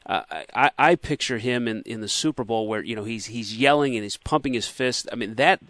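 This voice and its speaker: A man's voice: medium pitch, brisk, fairly bright tone, dry recording. Radio host man, dry studio sound. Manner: conversational, chatty, hesitant fillers. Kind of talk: radio interview, casual sports talk.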